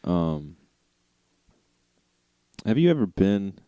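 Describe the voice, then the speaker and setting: Laid-back low-voiced man chatting. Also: big pitch swings, extremely slow, dark tone, dry recording, muffled recording. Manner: laid-back, rambling storyteller who laughs often. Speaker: podcast co-host. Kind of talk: casual chat.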